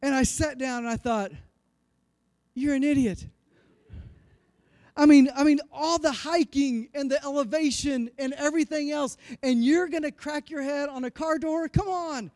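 A pastor in his forties preaching a sermon, telling a personal story in an animated, self-deprecating way. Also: extremely high pitch, normal speed, dry recording, clean studio sound. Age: 40s.

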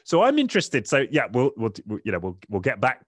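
A man's voice: medium pitch, huge pitch swings, fairly quick, dry recording. A man hosting a podcast, chatting in a conversational way and agreeing with his guest. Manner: conversational, agreeing, thinks aloud with restarts. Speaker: podcast host. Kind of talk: casual interview chat.

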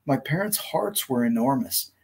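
A man voicing a huge, kind old male giant who speaks slowly and gently. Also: medium pitch, expressive, creaky, breathy edge. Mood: gentle, wise.

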